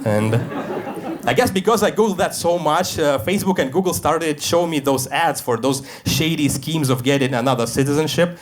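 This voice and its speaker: A man doing a stand-up set in a comedy club, deadpan and self-deprecating, acting out the voices he quotes. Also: a little high, fairly quick, background noise. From Russia. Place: comedy club stage with a live audience. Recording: live club recording with crowd laughter. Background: audience laughter.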